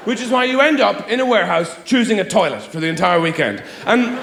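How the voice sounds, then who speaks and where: A man from Ireland doing a stand-up comedy set, rambling, muttering into asides and then bursting into loud mocking quotes, recorded live in a roomy venue. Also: high-pitched, sing-song, brisk, creaky, hardly any pauses, some chatter behind, slight background noise.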